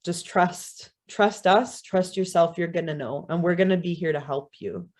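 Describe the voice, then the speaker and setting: A woman telling a story puts on a wise male crow, patient but insistent, who speaks in a plain, low-set, conversational way. He urges and reassures rather than commands, dropping in casual "you know"s as he talks. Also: normal speed, darkish tone, lightly acted. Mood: earnest.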